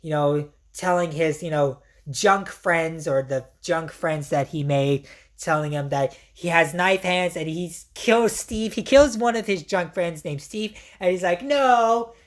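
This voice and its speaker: A woman's voice: deep voice, measured pace. A woman giving an enthusiastic, casual spoken movie review, often repeating herself and using fillers. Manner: enthusiastic, repetitive, frequent fillers.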